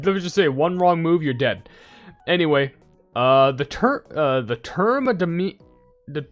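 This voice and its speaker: A young man casually chatting on a livestream, rambling and greeting viewers in chat one by one. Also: fairly high pitch. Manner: rambling, quick asides, greets chat by name.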